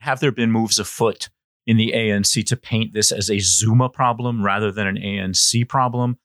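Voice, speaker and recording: A podcast host asks probing interview questions conversationally. His lowish voice is a bit bright with fairly even intonation, delivered at a moderate pace in clean, dry studio sound with no room noise.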